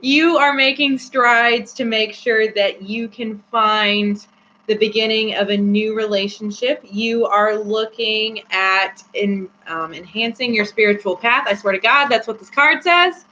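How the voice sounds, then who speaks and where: A woman's voice: fairly high pitch, a little slow, sharp tone. A woman hosting a casual live-stream tarot reading, chatty and giggly with many fillers. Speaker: host. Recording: slightly dull with faint hum.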